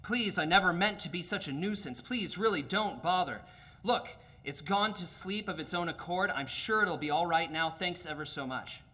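Man doing a high, bright, whining ghost, cowardly and flustered. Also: lively intonation, moderate pace, exaggerated voice. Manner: nervous, flustered excuses. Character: frightened evasive male ghost, pleading and whining.

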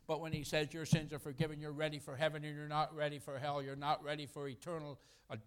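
A middle-aged man preaching a sermon in a conversational, animated way, acting out quotes and chuckling between points. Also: on the high side, quick pace, clean tone.

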